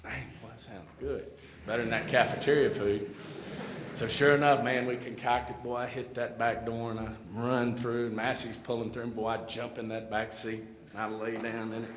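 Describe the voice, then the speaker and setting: A man's voice: mid-range voice, little pitch movement, normal speed. A man telling a folksy school story at a tribute event, full of fillers and asides. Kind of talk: storytelling speech. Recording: echoey hall with light noise.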